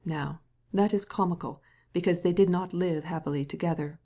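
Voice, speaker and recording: Woman, audiobook narrator, mellow tone, lowish pitch. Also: normal speed. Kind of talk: scripted narration.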